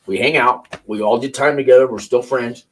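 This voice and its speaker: Husky, rambling man swearing casually. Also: medium pitch, brisk, poor audio. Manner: rambling and profane, many restarts. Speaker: call-in show host. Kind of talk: casual unscripted commentary.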